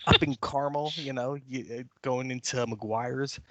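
An older man co-hosting a podcast, telling stories in an animated way and swearing freely in casual chat. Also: medium pitch, a little slow, no echo. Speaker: podcast co-host.

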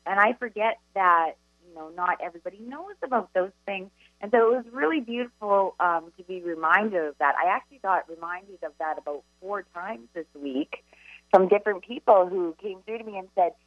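A woman's voice: mid-range voice, no echo. Chatty medium lady on radio, muffled lo-fi line, dry sound. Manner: chatty, animated storyteller, quick asides. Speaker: psychic medium co-host. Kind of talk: casual spiritual talk radio chat.

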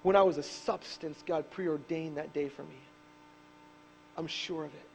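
A man in his thirties preaching a sermon as pastor, telling stories animatedly and rising to shouts on key points. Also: on the high side, fairly even intonation, measured pace, gravelly, slight background noise, low-quality recording. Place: church.

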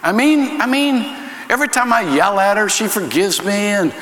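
A man's voice: high voice, lively intonation, normal speed, fairly bright tone, pitched above the performer's own voice. A man voicing a selfish young man who wants to date someone's daughter, whiny and self-centered. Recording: echoey hall reverb.

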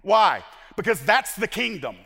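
Animated preacher in an echoing hall. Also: male voice, sits high, unhurried, vocal fry, husky. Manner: swings from shouting to hushed, acts out quoted voices. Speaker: pastor. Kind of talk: sermon.

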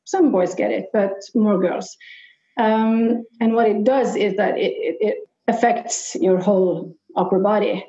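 A woman's voice: mid-range voice, fairly even intonation, a little slow, dark tone. Woman in her forties, a guest in a muffled, roomy recording. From Norway. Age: 40s. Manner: hesitant, many uh fillers. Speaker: podcast guest. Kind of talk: casual interview.

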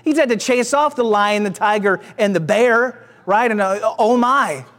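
A male pastor preaching a sermon, energetic and exclamatory, calling out to the congregation. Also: high-pitched, measured pace. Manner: energetic, exclamatory, call-and-response.

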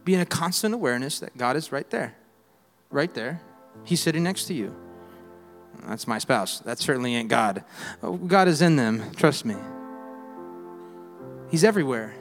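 A man preaching a sermon, swinging between loud exhortation and quiet reflection, with humorous asides and call-and-response lines. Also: mid-range voice, expressive, moderate pace, pauses often. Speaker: pastor. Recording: reverberant hall with faint music.

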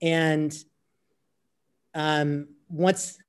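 Very slow and flat, a man's clear, resonant, fairly high voice carries a personal story told during an interview. He speaks earnestly and conversationally, repeating phrases as he goes.

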